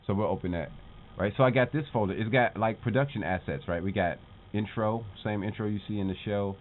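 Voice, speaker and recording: A man's voice: lowish voice, fairly quick. A man hosting a show, giving a casual motivational talk to his viewers, calling them "team" and asking "right?" as he talks. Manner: animated, calls his audience "team", keeps asking "right?". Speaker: show host. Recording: tinny phone-like lo-fi sound.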